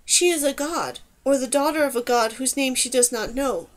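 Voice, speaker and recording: An earnest, cheerful old tribal man who speaks formally in simple phrases, as a woman narrator voices him. The voice sits a little high. It is an audiobook reading of a fantasy novel. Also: normal speed, natural voice.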